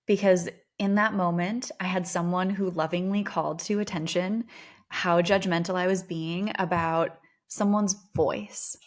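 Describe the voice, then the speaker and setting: A woman with a Minnesotan accent, a therapist hosting her own podcast, talking in a candid, self-reflective, conversational way. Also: lowish voice. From Minnesota, USA. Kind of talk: reflective solo podcast talk.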